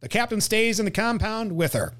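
A man's voice: high-pitched, fairly quick. A man hosting a podcast, recapping a film plot and joking with his co-host. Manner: animated, laughs often, reads recap. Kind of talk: casual chat and plot recap.

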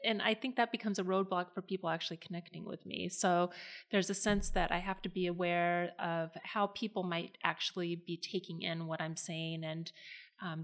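A woman's voice: lowish voice, a bit bright. A woman co-hosting a podcast, speaking reflectively and thoughtfully, laughing easily. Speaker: podcast co-host. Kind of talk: casual podcast chat.

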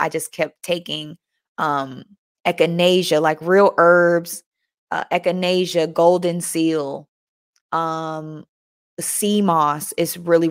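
A young woman hosting a motivational live chat, animated and talking straight to her listeners, often repeating herself. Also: lowish voice. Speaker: host.

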